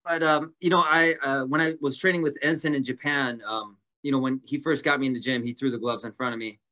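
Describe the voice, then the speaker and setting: A man's voice: mid-range voice, steady tone, a little fast, bright, forceful tone. A man as a podcast guest, telling long stories casually with many fillers and restarts. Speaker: guest fighter.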